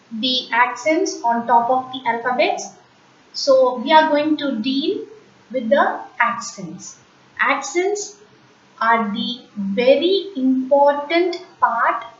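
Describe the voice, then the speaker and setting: High-voiced woman teaching slowly in a roomy space. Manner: slow, patient, repeats words for learners to copy. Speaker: French teacher. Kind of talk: beginner language lesson. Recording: roomy, distant, dull lo-fi recording.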